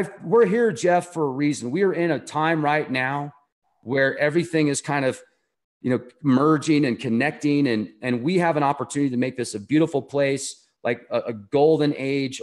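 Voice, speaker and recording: Earnest, rambling man telling a story. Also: mid-range voice. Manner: earnest, enthusiastic, rambling delivery. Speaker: interview guest. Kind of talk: casual conversational storytelling.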